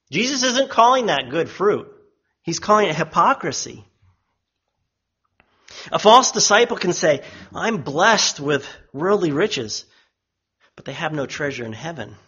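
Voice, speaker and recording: A man preaching a sermon, emphatic, lifting his voice when he quotes others and dropping low and quiet on solemn lines, with a husky tone. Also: expressive, moderate pace, dull audio.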